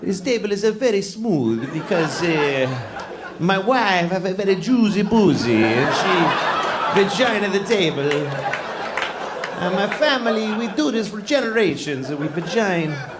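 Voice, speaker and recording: A man's voice: high-pitched, very animated, measured pace, voice pushed up. A man putting on an old craftsman speaking broken English with pride, in a live stand-up set. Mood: proud. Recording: echoey live club with crowd noise.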